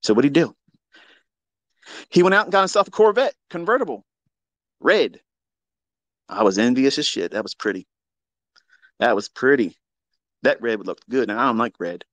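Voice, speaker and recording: A man telling a story in a casual monologue, profane and mocking, with sudden loud outbursts. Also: medium pitch, expressive, moderate pace, pauses often, dry recording. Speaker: trading educator on a live audio space.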